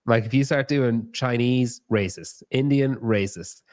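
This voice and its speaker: A man's voice: medium pitch, a little slow, darkish tone, dry recording, studio quality. A man hosting a podcast, chatting casually and telling rambling, joking stories with plenty of swearing. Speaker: podcast host.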